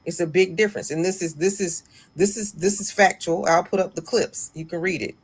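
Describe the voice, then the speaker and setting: A woman's voice: on the low side, fairly quick, slightly rough. Insistent woman lecturing online. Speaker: clip speaker. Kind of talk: online video commentary.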